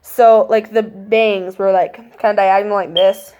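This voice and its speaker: A young woman casually recounting a spooky childhood story, acting out voices and gestures and dropping to a hush at tense moments. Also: mid-range voice, moderate pace, hardly any pauses. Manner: animated, acts out voices and gestures; drops to hushed tones at tense moments.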